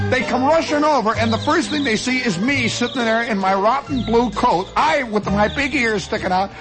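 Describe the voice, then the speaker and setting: A man telling a rambling, wry, self-mocking comic story as a monologue. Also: extremely high pitch.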